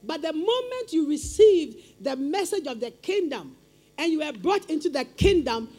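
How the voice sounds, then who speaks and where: High-voiced woman preaching. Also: animated, brisk, dark tone, soft background music. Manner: emphatic, repetitive call-and-response preaching. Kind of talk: sermon.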